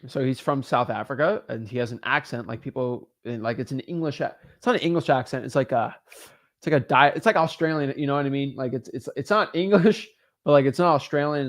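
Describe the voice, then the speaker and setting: A man's voice: mid-range voice, brisk. A man coaching real estate wholesalers in a casual livestream, answering viewer comments in an emphatic, motivational way.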